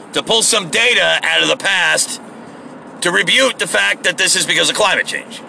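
A man's voice: sits high, moderate pace, creaky, bright, forceful tone, slight background noise. A man delivering a heated, sarcastic monologue full of swearing. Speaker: online commentator. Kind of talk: profane ranting monologue.

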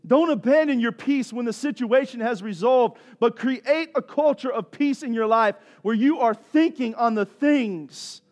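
A man's voice: very high voice, a little slow, few pauses. A man preaching a sermon as a pastor, impassioned and repeating phrases for emphasis.

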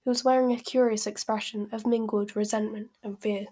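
Woman reading a book out loud, trips on words and fixes them. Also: medium pitch, little pitch movement, brisk, slightly rough. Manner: stumbles and corrects herself, laughs at slips. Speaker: reader. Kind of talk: reading a novel aloud.

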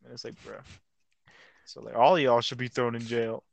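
A man's voice: medium pitch, level tone, normal speed, creaky, dry recording. A young man co-hosting a casual podcast chat, rambling in slang, stumbling over words and acting out quotes. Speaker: podcast co-host.

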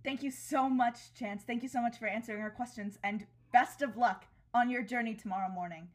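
A woman's voice: fairly high pitch, fairly even intonation, brisk, natural voice. A woman voicing a bubbly female TV talk-show hostess who chirps her questions. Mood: chirpy. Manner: chirpy, showy interviewer.

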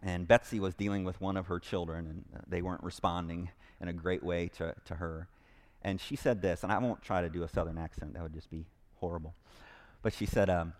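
A man's voice: low-pitched, fairly even intonation, brisk, a little mellow. A man preaching a sermon in a church to a live congregation, earnest and emphatic, repeating key phrases with frequent restarts. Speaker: pastor.

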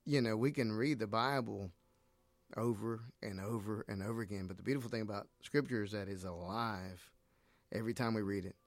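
A middle-aged man from Nicaragua speaks as a missionary guest in a casual faith conversation. He talks earnestly and grows animated when he retells scripture stories. His voice sits fairly low, and the recording is dry and close. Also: fairly quick, no room sound.

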